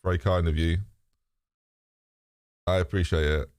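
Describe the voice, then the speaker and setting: A man's voice: deep voice, level tone, unhurried, darkish tone, smooth, dry recording, studio quality. A British man hosting a live stream, chatting candidly to his viewers in a rambling way, swearing freely and laughing often. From Britain. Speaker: streamer and host. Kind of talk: casual live-stream chat.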